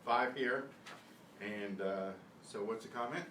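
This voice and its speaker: A man teaching an online beginner language lesson, repeating words slowly with exaggerated pronunciation. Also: medium pitch, fairly bright tone. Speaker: Spanish teacher. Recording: echoey room, distant mic, faint hiss.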